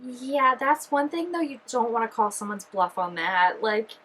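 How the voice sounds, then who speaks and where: Husky-voiced woman gushing in a reaction. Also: on the high side, moderate pace, rough recording. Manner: excitable and chatty, filler-heavy, giggly asides. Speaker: reaction video host. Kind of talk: casual reaction commentary.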